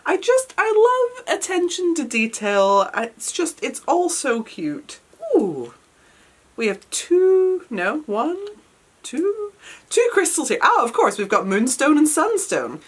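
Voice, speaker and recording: A British woman vlogging an unboxing in an excitable, gushing manner, her voice worn from a recent cold. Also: sits high, slow. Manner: excitable and gushing, frequent oohs and squeals. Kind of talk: unboxing vlog chat.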